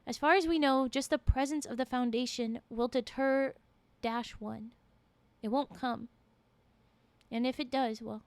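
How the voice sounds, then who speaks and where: A woman voicing a remorseful male doctor who speaks softly and haltingly, read aloud in a story. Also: a little high, fairly even intonation, smooth, no room sound. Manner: soft, halting apologies.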